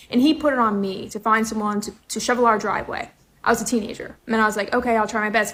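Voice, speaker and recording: A woman's voice: mid-range voice, a bit bright. A woman telling a personal story in a wry, casual, lightly sarcastic way.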